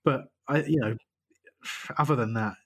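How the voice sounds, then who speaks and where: Jokey football podcaster. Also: male voice, medium pitch, normal speed, gravelly, a bit bright. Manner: jokey, sarcastic, laughs often. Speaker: podcast co-host. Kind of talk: casual football chat.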